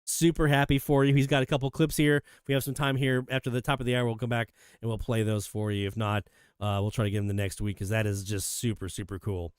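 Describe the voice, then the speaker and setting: A man hosting a live radio hobby show, chatting casually and enthusiastically as he reads out listener shoutouts. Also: medium pitch, little pitch movement, fast, clear, resonant tone, no echo, clean studio sound. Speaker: host of a radio hobby livestream.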